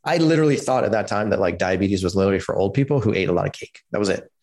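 A man in his forties from California, telling his personal story as a podcast guest in an animated way, acting out quotes and using lots of fillers. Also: deep voice, rapid-fire. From California, USA. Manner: animated storyteller who acts out quotes, many "like" and "you know" fillers.

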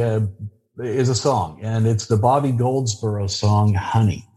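A man being interviewed on a podcast, speaking in a halting, plainspoken way with frequent restarts. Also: lowish voice, warm tone. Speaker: interview guest. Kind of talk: casual interview chat.

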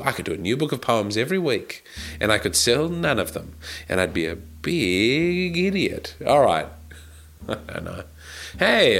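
An Australian man with a sick, congested voice, talking low and gravelly as he hosts a podcast. He rambles in a wry, self-mocking way, and his pitch swings around a lot. Faint music sits behind him. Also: fairly bright tone. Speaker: podcast host. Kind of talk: rambling casual monologue.

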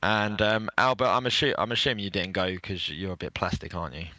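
A man hosting a casual football podcast, a little croaky after bronchitis, rambling and laughing easily. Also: low-pitched, steady tone, fast, pushed and bright. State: slightly croaky, recovering from bronchitis. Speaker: podcast host.

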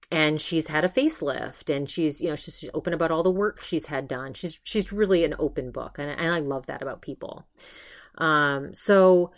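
Lowish voiced woman chatting on her podcast, rambly, lots of restarts and "she's like". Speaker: podcast host. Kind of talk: casual monologue review.

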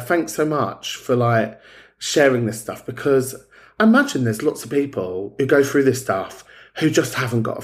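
A man hosting a podcast, talking in a frank, sweary and chatty way. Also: medium pitch. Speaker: podcast host. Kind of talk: casual chat.

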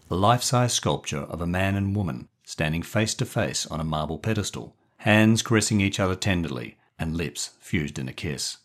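A man reading a short story aloud in a measured, expressive narration. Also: deep voice.

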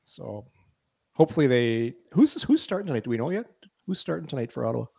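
A man co-hosting a hockey podcast, ribbing the others and telling animated stories in casual chat. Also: mid-range voice, fast talker, gravelly, husky. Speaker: podcast co-host.

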